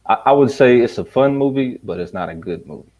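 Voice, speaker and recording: A man's voice: medium pitch, lively intonation, quick pace, a little mellow. A man co-hosting a casual chat, laid-back and easily amused. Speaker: podcast co-host. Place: vacation rental room.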